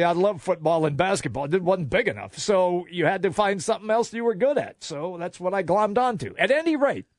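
A man's voice: high voice, no echo, clean studio sound. An older man co-hosting a casual talk show, ranting in an exasperated way with many restarts. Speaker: co-host.

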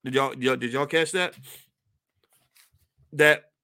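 A man reading passages from a book aloud and breaking off into animated commentary, sometimes stumbling over words. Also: mid-range voice, takes it slowly. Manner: reads passages then breaks off into animated asides.

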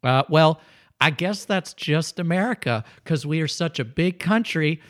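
A man putting on a loud, drawling, over-friendly American woman tourist, pitched well above his own voice. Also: lively intonation, measured pace. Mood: brash.

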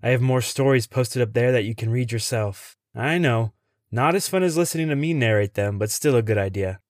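A man who hosts a podcast, telling a tense first-person story in a measured way. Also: medium pitch, no echo, clean studio sound.

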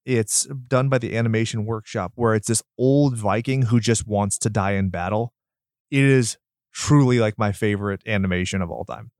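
A man co-hosting a podcast, chatting casually about a movie, excitable and quick to rant and swear. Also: lowish voice, no echo, studio quality. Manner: excitable, swears, gets loud when ranting. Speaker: podcast co-host.

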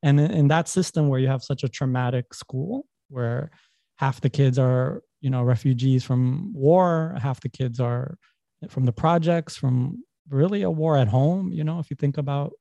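As a podcast guest, a young adult man from New York rambles casually through personal stories, self-correcting and laughing as he tells them. He speaks at normal speed in a mid-range voice with vocal fry and a dark tone, with no room sound.

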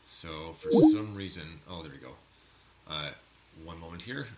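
A man's voice: sits low, animated, a little slow. A man co-hosting a casual chat show, telling a rambling story and laughing often. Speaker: co-host. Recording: echoey room with faint noise.

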